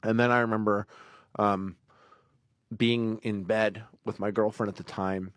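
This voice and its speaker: A man's voice: lowish voice, measured pace, dry recording. A man casually telling a long personal story on a podcast, rambling with fillers and acting out quotes. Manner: rambling, animated, acts out quotes in raised voice. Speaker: podcast guest.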